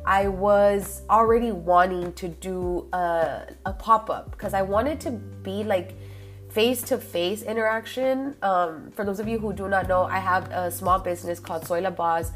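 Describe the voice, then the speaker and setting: A woman's voice: mid-range voice, measured pace, faint music behind. A young woman hosting a podcast, chatty and gushing, slipping Spanish phrases into her English. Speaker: podcast host. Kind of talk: casual chat.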